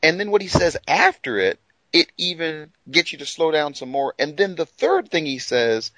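An animated man whose pitch leaps up and down as he gets excited about a text. He laughs often while he talks, and the close, dry recording has no room sound at all. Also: moderate pace, no echo, low-quality recording. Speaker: co-presenter. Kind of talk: radio Bible discussion.

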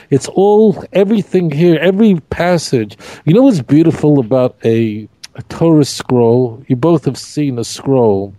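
A middle-aged man, a rabbi, teaching scripture in an emphatic, animated way, repeating key phrases on a podcast. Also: on the high side, unhurried, no room sound. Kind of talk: podcast Bible discussion.

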